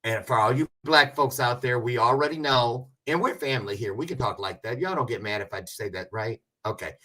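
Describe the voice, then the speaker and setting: A man's voice: mid-range voice, fairly quick, pushed and bright. A man hosting a casual livestream, chatting with viewers in a rambling, joking way with self-aware asides. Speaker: livestream host.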